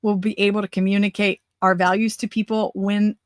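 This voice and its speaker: A woman in her forties hosts a political livestream, chatting energetically and rambling from point to point. Her voice sits at a middle pitch and sounds a little strained, as she is losing it. The sound is dry and close, with no room echo. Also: flat delivery, fairly quick. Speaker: host. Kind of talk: political livestream talk show.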